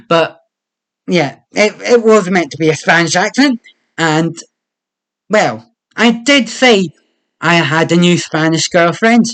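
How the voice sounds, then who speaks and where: A man's voice: sits high, slow, long pauses, fairly bright tone. A young British man delivering a wry, self-deprecating stand-up comedy monologue.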